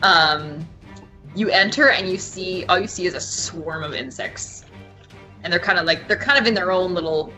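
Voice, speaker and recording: Hesitant woman game master, bright tone. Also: lowish voice, normal speed, faint music behind. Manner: hesitant, many fillers, giggly. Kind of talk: narrating a tabletop game.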